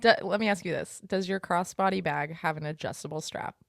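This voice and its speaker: A woman's voice: on the low side, a little fast, creaky, no room sound, clean studio sound. A young American woman co-hosting a fitness podcast in casual, teasing chat with lots of fillers. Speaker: podcast co-host. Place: podcast studio.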